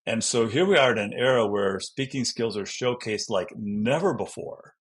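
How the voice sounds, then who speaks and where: A middle-aged man, an educational consultant, answering interview questions in an animated way and acting out classroom examples. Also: mid-range voice, normal speed. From Denver, Colorado.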